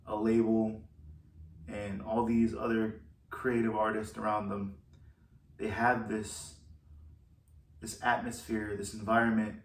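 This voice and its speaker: A man, a musician, talking through how he wrote one of his album's songs in a slow, thoughtful way with pauses. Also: mid-range voice, echoey room, far from the mic. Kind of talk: reflective solo talk.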